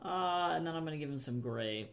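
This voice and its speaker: Young male artist-streamer, casual chatter, gravelly tone. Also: on the high side, expressive, brisk. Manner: chatty, thinks aloud, answers chat. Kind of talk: casual livestream chat while drawing.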